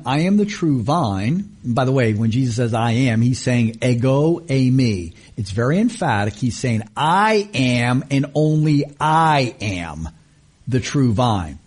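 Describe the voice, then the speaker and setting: A man preaching a sermon, teaching with emphatic stresses, slowing down on key words and asking rhetorical questions. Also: medium pitch, warm tone, slightly rough. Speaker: pastor.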